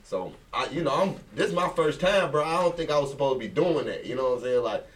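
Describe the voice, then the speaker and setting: A man's voice: fairly high pitch, quick pace. Young guy telling a story, laughs a lot, mic kinda far. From Chicago. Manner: laughing, animated storytelling with acted quotes. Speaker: guest. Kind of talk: casual storytelling. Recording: distant mic with faint noise.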